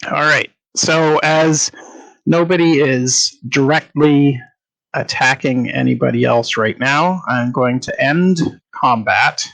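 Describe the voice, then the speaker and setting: A man narrating a tabletop game as game master, halting and full of fillers. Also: medium pitch, gravelly, a bit bright, low-quality recording.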